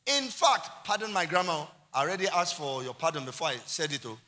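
A man with a Nigerian accent preaching a sermon as pastor, moving from quiet asides to shouted climaxes. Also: fairly high pitch, fast talker, big-room sound. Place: church.

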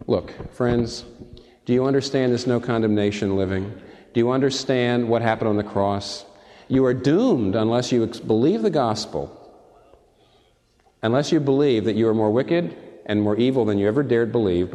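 A man preaching a sermon with passion. He swings between high, emphatic peaks and soft, low asides, and he asks his listeners direct rhetorical questions. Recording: long reverb from a large hall.

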